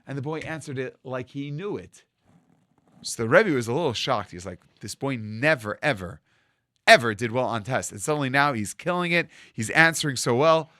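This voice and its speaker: Animated rabbi telling a story. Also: male voice, medium pitch, moderate pace, no echo, studio quality. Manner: animated storyteller acting out dialogue, with Hebrew and Yiddish terms. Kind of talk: storytelling Torah lesson.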